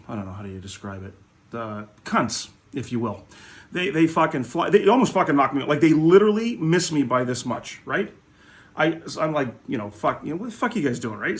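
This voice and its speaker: A man who sells hockey cards, telling a profane, ranting story to his viewers. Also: mid-range voice. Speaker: hockey card seller. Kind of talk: casual ranting vlog.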